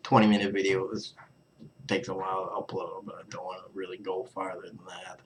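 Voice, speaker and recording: Here the same kind of young male vlogger talks fairly quickly, his low voice staying mostly level, with a little hiss or hum in the recording. He rambles to camera in a mumble, drifting into near-whispers, sighing and laughing.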